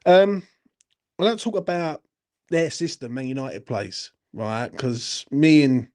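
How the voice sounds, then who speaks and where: A young man hosts a late-night live stream for a football fan channel, ranting bluntly and swearing heavily as he reads viewer comments. His medium-pitched, darkish voice is expressive and slow.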